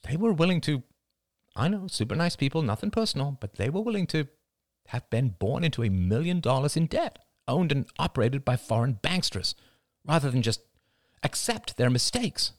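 A man's voice: medium pitch, very animated, normal speed, dry recording, studio quality, pitched above the performer's own voice, natural voice. A man voicing a tense, pragmatic father on the run who argues in a blunt, matter-of-fact way. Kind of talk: audiobook character reading.

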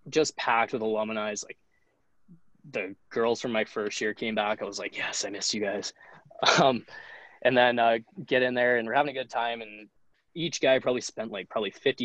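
A young man in his twenties, a hockey goalie appearing as a podcast guest, tells a story in a loose, profane, casual manner, saying "like" constantly. His voice sits on the low side. The recording is low quality with no room sound.

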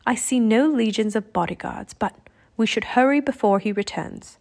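A woman reading the lines of a young boy magician turned raven, who talks in a hushed, steady way. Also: fairly high pitch, moderate pace, natural voice.

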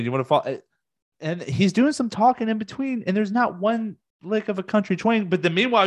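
A man's voice: fairly high pitch, no echo. A man ranting on a vlog as a music fan, heated and profane, his voice jumping up in sudden outbursts. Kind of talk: casual rant.

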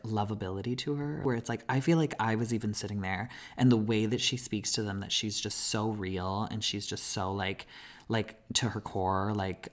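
A woman co-hosting a podcast in casual chat, chatty and quick to laugh, often repeating herself. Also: extremely low pitch. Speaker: podcast co-host.

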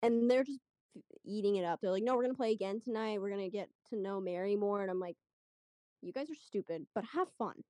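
A young woman telling a story in casual chat, chatty and animated, acting out what people said. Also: mid-range voice, a little fast, dry recording. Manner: chatty, animated retelling with quoted voices. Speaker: guest storyteller.

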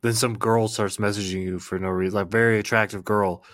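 A man's voice: on the low side, level tone, fairly quick, fairly bright tone, no room sound, studio quality. A young man co-hosting a podcast in casual chat, sarcastic and profane. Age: young adult. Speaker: podcast co-host.

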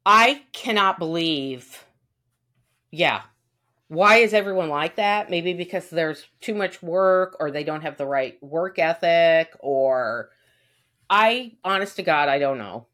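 Low-voiced woman venting in casual chat. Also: expressive, slow pace, fairly bright tone. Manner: venting, profane, acts out quotes. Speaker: podcast co-host.

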